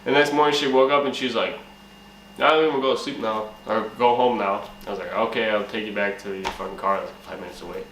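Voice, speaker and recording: Young man, bright voice, casual comic storytelling, profane, laughing, echoey room. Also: fairly low pitch, fairly even intonation, fast talker. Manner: profane, laughing, acts out his own quotes. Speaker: channel host. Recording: echoey room with faint ambient noise.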